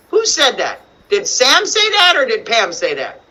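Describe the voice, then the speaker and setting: A woman teaching young children to read over a video call, animated and coaxing, full of questions. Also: a little high, measured pace, poor audio. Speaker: kindergarten teacher. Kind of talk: online reading lesson for young children. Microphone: computer mic on video call.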